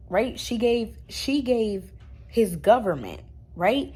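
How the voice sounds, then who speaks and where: A woman's voice: medium pitch, lively intonation, unhurried, warm tone, husky. A young woman in a casual storytime vlog, talking bluntly in slang and swearing freely. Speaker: YouTube storyteller.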